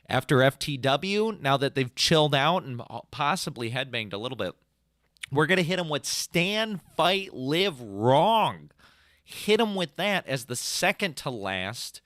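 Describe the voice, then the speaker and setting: Animated, rambling young man. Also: mid-range voice, normal speed, dry recording, clean studio sound. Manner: rambling and animated, full of "like", mimics riffs with "bum" and "dun" sounds. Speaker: podcast co-host and band singer. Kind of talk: casual chat.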